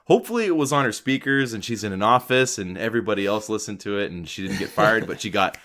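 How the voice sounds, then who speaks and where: Man, casual podcast chat, joking, lively pitch, stumbles over names. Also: fast. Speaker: podcast co-host.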